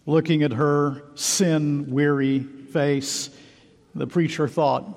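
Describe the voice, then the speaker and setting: A male preacher with a gravelly, slightly high voice, narrating a story and then exhorting with earnest emphasis. His words ring out under a long hall reverb. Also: steady tone, slow pace, a little mellow.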